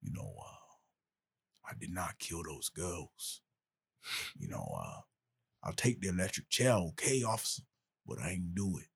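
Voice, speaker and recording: A man putting on the voice of a drawling southern male convict who mumbles low as he protests his innocence. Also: wildly swooping pitch, unhurried, creaky, long pauses, husky, full character voice. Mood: mock pleading.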